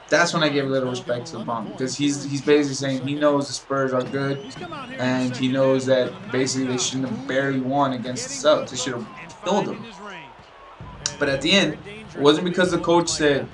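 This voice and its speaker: A man's voice: medium pitch, fairly even intonation, a little fast, crowd noise, rough recording. A young man casually rambling about basketball while commenting on his own gameplay, often mimicking players and coaches.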